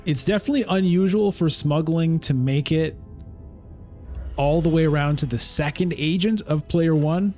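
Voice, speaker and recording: A man's voice: a little high, moderate pace, darkish tone, soft background music. A man giving casual, chatty commentary as he plays a digital board game, thinking aloud. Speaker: streamer.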